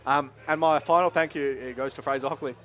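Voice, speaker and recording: A man giving a halting, tearful thank-you speech after winning a tournament, close to crying and swearing now and then. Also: mid-range voice, fairly even intonation, a bit bright. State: emotional, close to tears. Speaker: tournament winner. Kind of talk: emotional post-match thank-you speech. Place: tournament venue.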